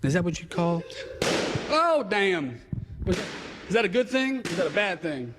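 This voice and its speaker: A man's voice: sits high, big pitch swings, fast, heavy background noise. A man who is a bachelor contestant on a dating show, playful and flirtatious, with plenty of exclamations.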